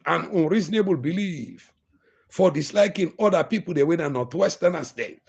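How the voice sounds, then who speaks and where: A man's voice: a little high, vocal fry, a little mellow, breathy edge. A man with a Sierra Leonean accent giving a political speech to his fellow citizens, full of long rhetorical lists. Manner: oratorical, repetitive lists. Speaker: political speaker.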